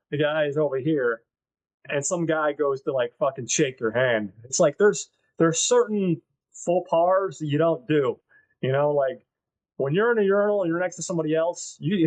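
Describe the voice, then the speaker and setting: A man co-hosting a movie podcast, retelling scenes in a lively, crude, casual way. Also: on the high side, low-quality recording. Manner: animated retelling with crude jokes. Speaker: podcast host.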